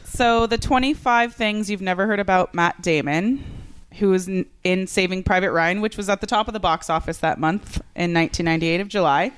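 A woman's voice: medium pitch, fairly quick, smooth, no room sound. A woman in a casual group chat, speaking in a dry, matter-of-fact way.

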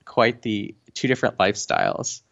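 A young man co-hosting a casual chat, talking haltingly with many fillers and restarts. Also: lowish voice, huge pitch swings, vocal fry, a bit bright. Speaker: co-host. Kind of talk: casual chat about reality TV. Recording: dull lo-fi home recording.

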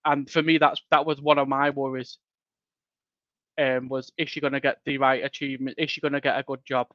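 A man, a home-educating dad talking as a podcast guest, animated and laughing often. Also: mid-range voice, fairly quick, no room sound. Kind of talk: casual interview chat. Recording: dull lo-fi dry sound.

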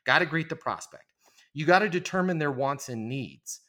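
A man's voice: on the high side, animated, normal speed, fairly bright tone. Man in his forties, sales-trainer guest on a podcast, emphatic and persuasive, keeps checking in with "right?". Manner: emphatic, persuasive, frequent "right?" tag questions. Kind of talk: conversational podcast interview.

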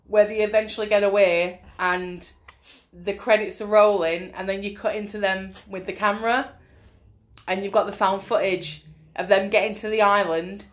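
A woman's voice: mid-range voice, fairly even intonation, normal speed. A woman co-hosting a casual film chat, teasing her friends with sweary banter. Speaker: podcast co-host.

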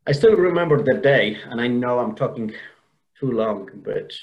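A man's voice: medium pitch, expressive, normal speed, lo-fi sound. Earnest man telling an emotional story. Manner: earnest, emotional, with frequent restarts and repeated words. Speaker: podcast guest. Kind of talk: personal storytelling in an interview.

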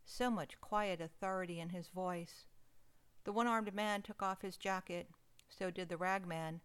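A woman narrating a first-person story in an expressive, emotional reading. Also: on the low side, a little slow, smooth.

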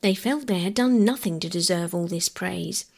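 A woman narrates a bedtime story in a gentle, measured way. Her voice is low and husky, with a gravelly edge. The telling is calm and unhurried. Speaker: audiobook reader.

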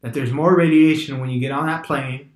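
A man's voice: mid-range voice, steady tone, fairly quick. A man chatting casually and animatedly, telling stories and slipping into mock voices. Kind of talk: casual chat. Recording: echoey room.

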